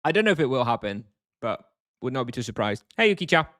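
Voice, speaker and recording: A man's voice: medium pitch, big pitch swings, fast talker, a bit bright, no echo, studio quality. A man streaming a game live, chatting casually with his chat, thinking aloud with fillers and frequent chuckles.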